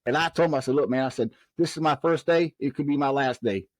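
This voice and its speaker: A man with a mid-range voice talks fast, with no echo, while telling a long story in a podcast interview. He used to be a prison officer, comes from the Southern United States, and brings the tale to life by voicing the people in it.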